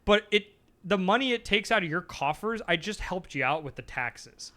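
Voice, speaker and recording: Male streamer, excitable, pleading, laughs a lot, high voice, very animated pitch, live game play. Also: normal speed.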